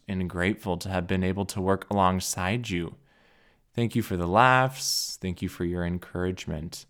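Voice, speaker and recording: A young man hosting his own podcast, speaking in an earnest, heartfelt and measured way as he reflects alone. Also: low voice. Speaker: podcast host. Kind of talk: reflective solo podcast monologue.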